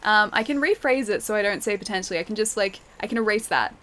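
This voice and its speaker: A woman's voice: medium pitch, lively intonation, fast talker, a bit bright, a little hiss or hum. A young woman chatting casually while live-streaming a game and reading chat. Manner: chatty, giggly, reads chat aloud.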